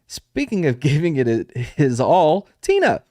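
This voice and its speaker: A man's voice: medium pitch, expressive, normal speed, a little mellow, dry recording, studio quality. A young man hosting a podcast in a rambling, joking casual chat, laughing often. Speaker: podcast host.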